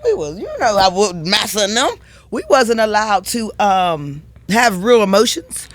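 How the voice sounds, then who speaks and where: A woman's voice: mid-range voice, big pitch swings, measured pace, no room sound. Earnest woman, heartfelt and dry-miked. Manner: earnest, heartfelt, casual slang. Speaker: podcast guest. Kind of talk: emotional interview conversation.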